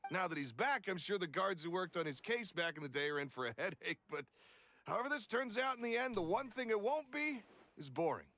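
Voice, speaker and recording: A sure-of-himself man, bright tense tone, higher pitch. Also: sing-song, brisk, a little hiss or hum, exaggerated voice. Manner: assertive, certain. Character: emphatic adult man, confident theorist.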